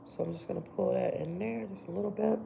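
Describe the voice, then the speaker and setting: A woman's voice: medium pitch, fairly even intonation, fast, gravelly, dark tone, highs cut off, a little hiss or hum. A woman hosting a casual makeup livestream, chatting to viewers as she works on her brows. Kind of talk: casual live makeup chat.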